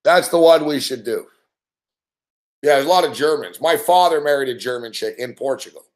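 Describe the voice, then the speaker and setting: A man's voice: medium pitch, lively intonation, brisk. Brash, foul-mouthed man ranting. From Canada. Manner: rambling, brash, swears constantly, laughs often. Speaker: host. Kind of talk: profane late-night betting chat.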